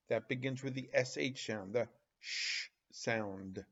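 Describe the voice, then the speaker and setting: A man teaching a phonics lesson to young children, slowly drawing out each sound and asking questions in an animated, exaggerated way. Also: mid-range voice, dull audio.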